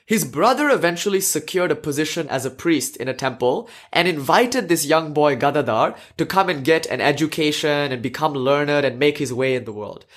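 Man, fairly high voice, earnest storytelling lecture, chatty asides, fillers. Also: a bit bright.

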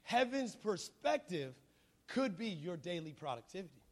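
High-voiced playful man preaching. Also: normal speed. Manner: animated, playful, call-and-response with the congregation. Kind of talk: sermon with storytelling.

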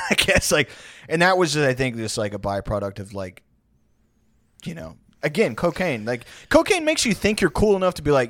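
A man's voice: medium pitch, expressive, brisk, a bit bright, dry recording. A young man co-hosting a podcast, telling stories in a rambling casual way with lots of fillers. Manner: rambling with many "like" fillers, laughing. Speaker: podcast co-host. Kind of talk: casual chat.

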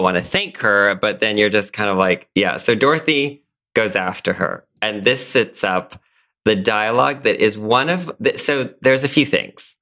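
A man co-hosting a podcast, recapping a sitcom episode in casual, animated chat and laughing often. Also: medium pitch. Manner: animated storytelling, frequent laughs. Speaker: podcast co-host.

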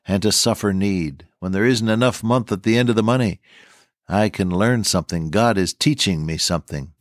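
A man's voice: fairly low pitch, moderate pace, dry recording, studio quality. An older man teaching the Bible on the radio, folksy and earnest, repeating his key lines. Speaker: radio preacher.

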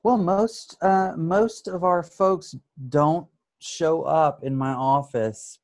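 A man who works as an addiction therapist, explaining his approach in an interview with thoughtful pauses and frequent restarts. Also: fairly high pitch, fairly even intonation, a little mellow, no echo. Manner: thoughtful, many restarts, acts out examples.

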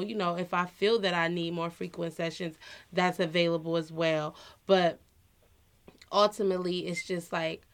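A woman in her thirties sharing personal experiences on a podcast, her voice sitting on the low side. She speaks in an earnest, heartfelt way and leans on easy fillers like "you know" as she thinks aloud. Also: clean tone. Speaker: podcast co-host. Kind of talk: casual personal chat.

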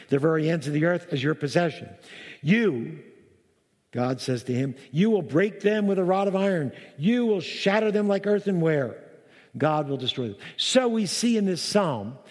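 A man preaching a sermon, reading scripture aloud with emphatic, rising delivery and breaking off to explain it. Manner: emphatic, reads verses aloud with rising pitch. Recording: long hall reverb.

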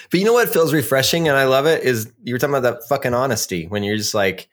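A man's voice: mid-range voice, lively intonation, fairly quick, fairly bright tone. A young adult man co-hosting a podcast, easygoing and chatty, who laughs often and calls his friend "man" and "dude". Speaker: podcast co-host. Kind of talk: casual chat.

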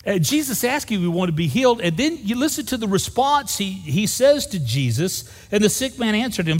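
Folksy pastor with a lively voice. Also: male voice, high-pitched, fairly quick, few pauses, big-room sound. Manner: folksy, joking, acts out voices of people in the story. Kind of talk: sermon. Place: church sanctuary.

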